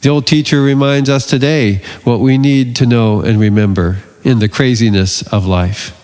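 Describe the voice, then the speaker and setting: A man's voice: medium pitch, steady tone, normal speed, darkish tone, in a large hall. A man preaching a sermon, telling the story with playful jokes. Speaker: pastor.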